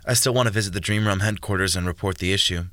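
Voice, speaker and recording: A man's voice: deep voice, steady tone, fast talker, fairly bright tone, dry recording. A man narrating a storybook, voicing a young woman investigator who speaks hesitantly and defiantly. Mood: relieved. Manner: hesitant, faltering then firm.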